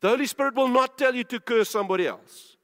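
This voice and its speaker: A male preacher with a notably high voice delivers a sermon with emphasis, repeating phrases and asking the listeners questions. His words ring out with a long reverb. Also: quick pace, fairly bright tone.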